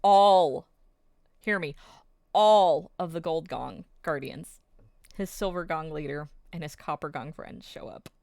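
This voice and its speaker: A woman's voice: deep voice, takes it slowly, darkish tone, no room sound, studio quality. A woman recapping episodes of a drama in a casual, emotional, storytelling way, with plenty of fillers.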